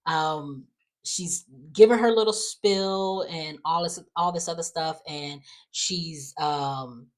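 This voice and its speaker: A woman's voice: deep voice, slow. A woman casually recapping soap opera episodes, chatty and full of fillers, acting out quotes. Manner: chatty, many fillers and restarts, acts out quotes.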